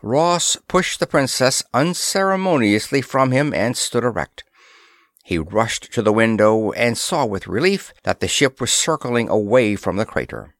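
A man reads a pulp adventure story in a measured, unhurried way. His pitch rises and falls a lot as he shapes the sentences. The recording is close and dry, with no room sound. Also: fairly bright tone, no room sound. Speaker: narrator. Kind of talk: audiobook reading of pulp science fiction.

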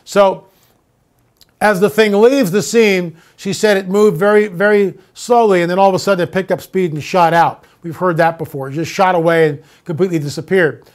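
Male host, high voice, emphatic and mocking monologue. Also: fairly even intonation, moderate pace. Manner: emphatic, mocking, drops to a hush for tense moments. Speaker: show host. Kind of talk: opinionated monologue and storytelling.

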